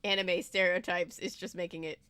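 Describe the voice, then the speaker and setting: A woman's voice: lowish voice, steady tone, fairly quick, pushed and bright, clear, resonant tone, no room sound. A woman hosting a stream, chatting wryly and casually with her guest. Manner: chatty, wry. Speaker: host.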